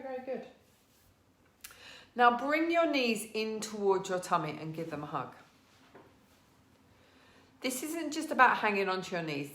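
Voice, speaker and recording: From her living room, a woman from England leads a live online yoga session in a mid-range voice, the room audibly echoey. She welcomes students by name and guides them with soft, encouraging cues.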